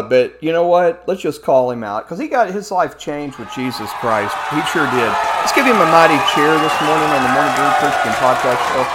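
A man's voice: fairly high pitch, very noisy. A man hosting a Christian podcast show in an enthusiastic, announcer-like manner. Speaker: podcast host.

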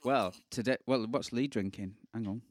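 A man's voice: medium pitch, moderate pace, dry recording, studio quality. A man co-hosting a podcast, joking and rambling in casual banter and laughing often. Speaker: podcast co-host.

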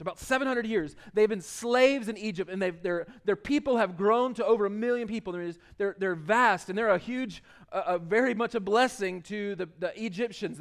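High-voiced man preaching a casual sermon. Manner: informal, repeats words when starting sentences. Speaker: pastor. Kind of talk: conversational sermon.

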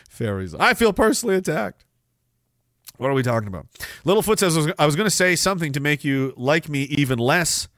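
Animated, bright-voiced man joking on stream. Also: mid-range voice, dry recording, studio quality. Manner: joking, laughing, reading viewer messages aloud. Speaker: livestream show host. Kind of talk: casual livestream chat.

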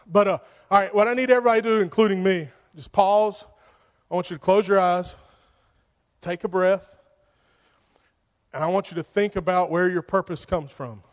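Youth pastor guy in his 30s, kinda high voice, chatty, preaching in a big echoey church hall. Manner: casual, joking, lots of "like". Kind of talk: sermon. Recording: long hall reverb.

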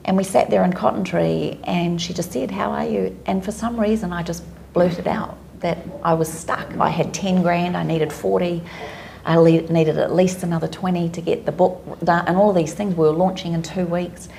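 A woman's voice: on the low side, fairly even intonation, moderate pace, vocal fry, mellow, slight background noise. A woman from New Zealand with a New Zealand accent, a podcast guest telling her story in a candid, emotional way. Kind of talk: personal storytelling in an interview.

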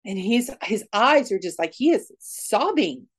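A woman speaks as an interview guest, telling a personal story candidly. Her delivery is emotional and comes in quick bursts, with frequent restarts mid-sentence. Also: medium pitch, sing-song, husky.

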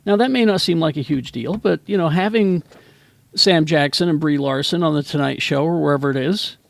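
Gravelly, dry-voiced man chatting casually. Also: fairly high pitch, fairly quick, dry recording. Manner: rambling, chatty, lots of fillers. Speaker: podcast host. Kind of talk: casual chat.

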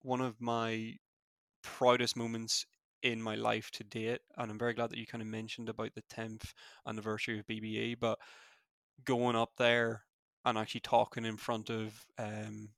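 A young man with a Belfast accent speaks in a flat, gravelly voice, his delivery quick and cluttered with fillers and restarts. The recording is dry and close. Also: lowish voice, dry recording. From Northern Ireland. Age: young adult. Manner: fast-talking, many fillers and restarts. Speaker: former student guest. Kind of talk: casual interview chat.

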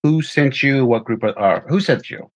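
A man playing a tabletop game, speaking haltingly and repeating words. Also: mid-range voice. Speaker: player. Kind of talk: casual tabletop game play.

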